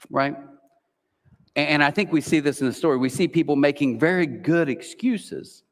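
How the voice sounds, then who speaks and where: A man's voice: fairly high pitch, a little fast. Chatty man preaching in an echoing hall. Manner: casual, rambling, heavy use of "like" and "literally". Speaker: pastor. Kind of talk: conversational sermon with personal stories. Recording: long reverb of a church hall.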